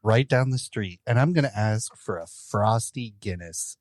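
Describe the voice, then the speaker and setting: Brief: male co-host, lowish voice, relaxed and amused, dry close recording. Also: normal speed, dry recording. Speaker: podcast co-host presenting beer news. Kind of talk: casual chat.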